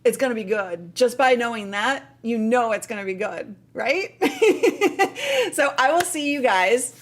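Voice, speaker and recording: A woman's voice: on the high side, animated, a little slow, a little hiss or hum. Tired, chatty woman hosting a livestream. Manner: chatty and upbeat, laughs often, trails off with fillers. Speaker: livestream host. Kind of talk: casual live Q&A stream.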